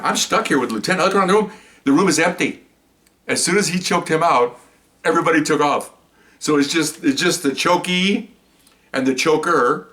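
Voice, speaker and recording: Ex-cop guy telling a story from the job, gets louder and more worked up as it goes, does everyone's lines, mic a little far off. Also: fairly high pitch. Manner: animated, acts out the other people's lines, gets louder as the story builds. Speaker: retired police officer telling stories. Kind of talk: casual storytelling.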